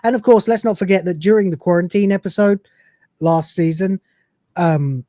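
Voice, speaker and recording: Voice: medium pitch, normal speed, no echo, studio quality. A podcast host from the UK casually recapping a TV episode, quoting lines and laughing along. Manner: animated storyteller, quotes dialogue with a laugh.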